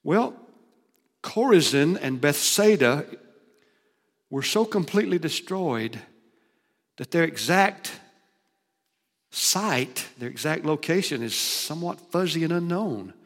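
Emphatic preacher in reverberant hall. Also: male voice, a little high, animated, slow, creaky, long pauses. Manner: emphatic, swings between loud declarations and hushed asides. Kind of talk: sermon.

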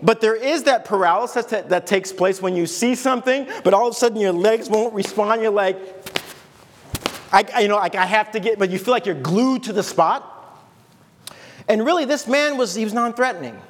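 High-voiced pastor, chatty and conversational. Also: male voice, a little fast, in a large hall. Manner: conversational, with restarts and acted asides. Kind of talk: sermon. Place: church.

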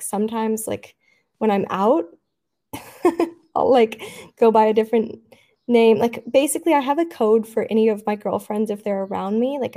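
Chatty young woman with a mellow voice. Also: on the high side. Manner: chatty, laughs often, many "like" fillers. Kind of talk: casual chat.

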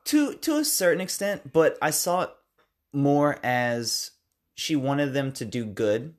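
A man's voice: a little high, lively intonation, slow pace. An American man co-hosting a podcast, chatting loosely about a film, rambling and correcting himself as he acts out lines from it. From United States. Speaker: podcast co-host. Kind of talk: casual film review chat.

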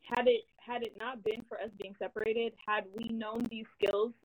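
A woman's voice: on the high side, level tone, moderate pace, dry recording, low-quality recording. A young woman from the United States hosting a casual live-stream chat, telling a story with many "like"s and "um"s. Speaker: host.

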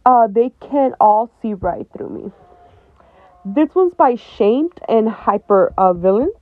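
This young podcast host has a fairly high, expressive voice and speaks slowly, getting personal with blunt honesty, frequent swearing, and laughter between heavy moments. The audio is dry, tinny and phone-like, without echo.

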